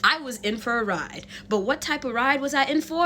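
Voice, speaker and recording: Animated young woman telling a story. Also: high voice, fairly quick, a little hiss or hum. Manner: animated, slangy, swearing, laughing storyteller. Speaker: vlogger. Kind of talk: storytime vlog.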